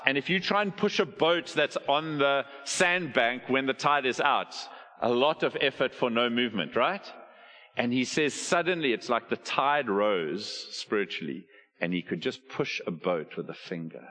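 A middle-aged man, preaching a sermon as a pastor, telling stories and putting questions to the congregation. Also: on the low side. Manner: animated storytelling, asks the audience questions. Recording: long hall reverb.

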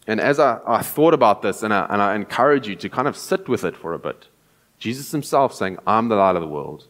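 A man preaching a sermon in a fairly low voice. He talks earnestly and repeats his key phrases to drive each point home. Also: lively intonation, a little fast, a bit bright.

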